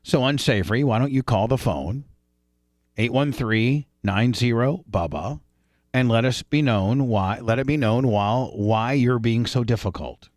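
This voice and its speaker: A man hosting a radio show, joking and swearing in casual banter with frequent halting restarts. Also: mid-range voice, a little mellow, dry recording, clean studio sound. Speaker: radio host. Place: radio studio. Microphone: studio microphone.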